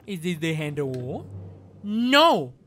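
Bright-voiced woman streaming a game. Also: deep voice, big pitch swings, slow. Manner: repeats phrases over and over, chatting to viewers. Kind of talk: live gameplay commentary.

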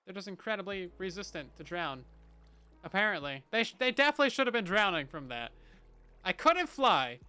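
Brisk and very animated, a male streamer with a high, sharp, clean-toned voice chats playfully to viewers while gaming live. He breaks out in spurts of mock panic along the way.

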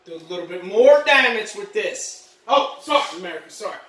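A woman playing a boastful, rambling male ex-Marine patriot dad in a comedy monologue, shouting one moment and muttering the next. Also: lively intonation, fairly quick, close to an everyday voice. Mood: blustering. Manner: boastful, rambling, shouts then drops low. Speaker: comedy vlogger. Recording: roomy echo, mic at a distance.

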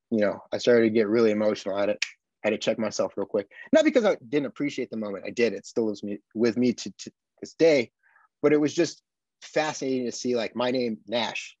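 A man from the United States, a podcast guest, telling his experiences in an earnest, animated way with frequent tag questions. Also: medium pitch, dry recording, dull audio. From Buffalo, USA. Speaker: podcast guest, army veteran. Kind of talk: casual conversation.

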